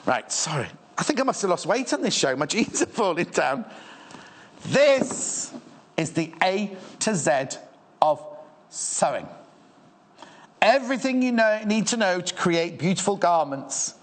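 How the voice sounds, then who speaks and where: Gushing, lively TV presenter man. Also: sits high, unhurried. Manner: gushing, rambling, playful asides to crew. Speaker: shopping channel presenter. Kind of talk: chatty live selling of sewing fabrics.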